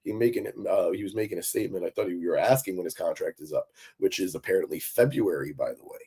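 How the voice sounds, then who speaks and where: A man's voice: sits low, fast, warm tone, slightly rough. A man hosting a live-stream recap, talking casually and with enthusiasm, answering chat with lots of fillers. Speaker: wrestling recap host.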